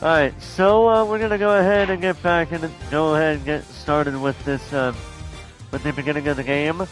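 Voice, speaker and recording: A man's voice: a little high, fairly even intonation, moderate pace, poor audio. A man streaming a game, chatting casually with viewers in a rambling way, with many restarts. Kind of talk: casual live-stream chat. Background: faint game music.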